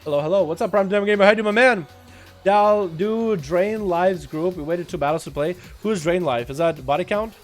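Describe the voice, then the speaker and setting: Excitable high-voiced American-accented streamer. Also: male voice, faint music behind. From Russia. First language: Russian. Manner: excitable, quick play-by-play calls, laughs often. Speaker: livestream host. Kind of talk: live game commentary and chat. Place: hot home room.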